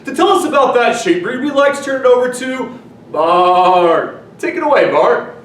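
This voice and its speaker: A man's voice: very high voice, lively intonation, normal speed, a bit bright. A man playing an upbeat, teasing TV-style announcer, handing off segments in a lesson video. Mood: announcing. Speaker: agriculture teacher. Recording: roomy, distant mic, faint noise.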